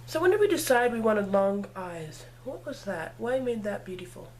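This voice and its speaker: This woman's voice sits in the mid range, very animated and darkish, at a moderate pace. A makeup vlogger, she keeps up a chatty, playful running commentary to herself while doing a laid-back tutorial.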